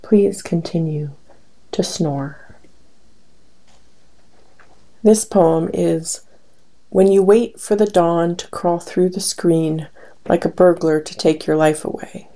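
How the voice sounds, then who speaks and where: A woman reading her poems aloud in a slow, measured recitation with pauses between lines. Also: fairly low pitch, steady tone, mellow, low-quality recording. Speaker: poetry reader.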